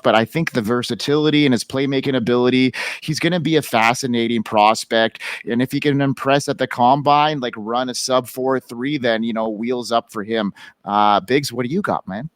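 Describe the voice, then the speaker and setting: A man co-hosting a casual football podcast, relaxed and chatty, with lots of filler words. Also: mid-range voice, no room sound. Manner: relaxed, many fillers like you know and uh. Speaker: fantasy football co-host.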